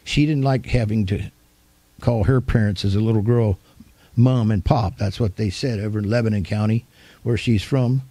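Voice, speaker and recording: An older man, a pastor, giving a storytelling sermon in a folksy, homespun manner with animated retelling. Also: on the low side, normal speed, no room sound.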